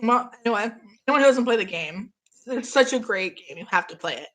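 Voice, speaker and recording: A woman's voice: fairly high pitch, lively intonation, a little fast, a bit bright. Gushing young woman chatting on a stream. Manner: gushing, chatty, reads out chat comments. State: getting over an illness, coughing. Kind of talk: casual live-stream chat.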